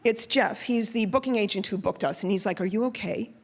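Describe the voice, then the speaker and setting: A woman telling a personal story on stage in a lively, chatty, expressive way. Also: medium pitch, brisk.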